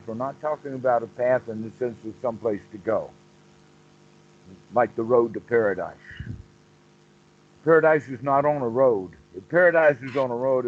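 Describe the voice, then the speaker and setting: A man teaching meditation on a call, explaining slowly and repeating phrases as he goes. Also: medium pitch, dull audio, a little hiss or hum. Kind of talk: dharma talk on a call.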